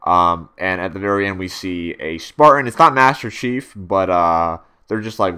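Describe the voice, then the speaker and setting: A man's voice: low voice, normal speed, sharp tone, clear, resonant tone. A young man giving a casual spoken video review, rambling with many fillers and restarts and swearing freely.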